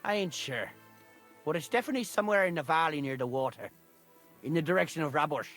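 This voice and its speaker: An actor playing a sly, greedy male knacker villager with an Irish accent and a gruff, bargaining drawl. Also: fairly high pitch, expressive, quick pace, a bit bright, soft background music. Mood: scheming.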